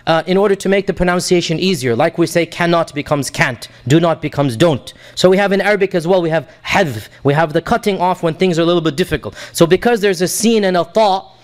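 A man with a notably high voice lectures on scripture at a brisk clip. He unpacks each term patiently, step by step, pausing now and then to find his words. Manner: patient, explains terms step by step with occasional hesitations. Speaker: Quran teacher.

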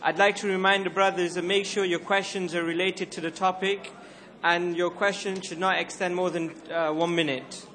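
A man's voice: high voice, level tone, moderate pace, sharp tone. A man moderating a lecture event, giving orderly instructions for the question session.

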